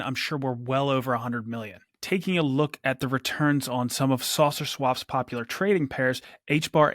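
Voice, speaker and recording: A man hosting a casual weekly crypto news chat, running briskly through market figures. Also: mid-range voice, fairly bright tone, dry recording, clean studio sound. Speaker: host.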